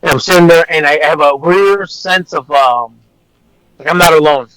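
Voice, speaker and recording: A man's voice: on the high side, normal speed, a bit bright, smooth, no echo, rough recording. A man, an officer, telling a personal story in a casual, rambling way, blunt and swearing at times. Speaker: officer guest.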